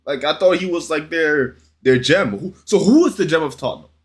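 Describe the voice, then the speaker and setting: Lively-voiced man reacting casually. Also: on the high side. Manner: chatty, asks viewers questions, quick reactions. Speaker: reaction video host.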